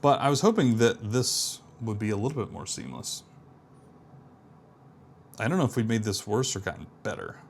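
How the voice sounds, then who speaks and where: A man's voice: on the low side, sing-song, moderate pace, pauses often, slight background noise. A man casually thinking aloud while building an app, muttering to himself, trailing off and making self-deprecating remarks. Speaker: app developer streaming a live build.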